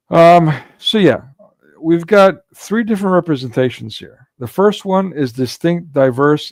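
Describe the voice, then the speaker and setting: A man's voice: mid-range voice, darkish tone, no room sound. A man hosting a casual livestream commentary, talking in a rambling way with frequent restarts and filler words. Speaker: livestream host.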